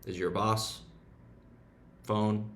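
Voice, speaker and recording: A young man in a casual motivational rant, blunt and profane, mocking himself and trailing into low mumbled asides. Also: little pitch movement, extremely slow. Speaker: self-help vlogger.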